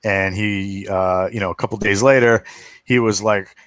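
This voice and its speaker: A man on a podcast panel, talking casually and filling pauses with lots of uh and um. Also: on the low side, fairly even intonation, a bit bright, no room sound. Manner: rambling with frequent uh and um fillers.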